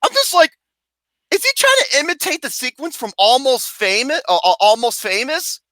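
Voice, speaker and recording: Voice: sits high, sing-song, moderate pace, pushed and bright, no echo. A movie reviewer ranting about a film in a comedic, profane way, mocking and sarcastic, swearing constantly and breaking into laughter.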